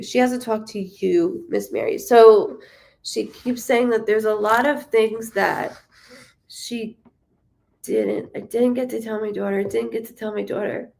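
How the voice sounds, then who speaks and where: A woman giving a live psychic reading. She speaks haltingly, with frequent ums and self-corrections, and apologizes to her viewers and reassures them. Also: medium pitch, vocal fry, a little mellow, a little hiss or hum. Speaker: psychic medium. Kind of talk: live-streamed spirit reading.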